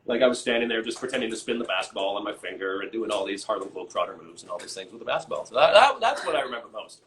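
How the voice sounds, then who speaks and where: A man, an actor and improviser, chatting as a guest over a video call, relaxed with many fillers. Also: lowish voice, rapid-fire, poor audio. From Canada. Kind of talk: casual chat.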